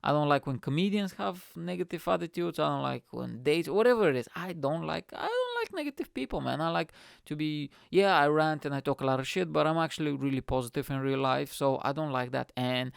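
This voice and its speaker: A man's voice: on the high side, brisk, creaky, clear, resonant tone, dry recording, clean studio sound. A man hosting his own comedy podcast, telling a dating story in a casual rant full of swearing. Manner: swears constantly, animated storytelling.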